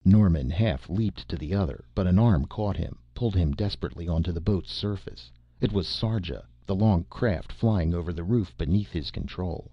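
A man narrating an audiobook in a steady, measured storytelling manner. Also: low-pitched, husky, dry recording. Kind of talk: audiobook narration of pulp science fiction. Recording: dull lo-fi dry recording.

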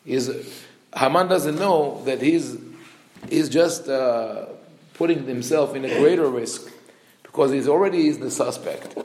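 A man giving an animated teaching talk. He often restarts and corrects himself mid-sentence, and he acts out the quotes he reads. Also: medium pitch, unhurried, a little hiss or hum. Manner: frequent restarts and self-corrections. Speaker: religious teacher. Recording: roomy echo.

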